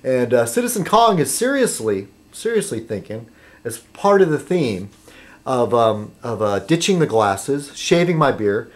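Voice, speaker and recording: A man vlogging casually to his subscribers, rambling and halting, with many fillers and restarts as he sips a beer. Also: medium pitch, big pitch swings. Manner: chatty while sipping beer.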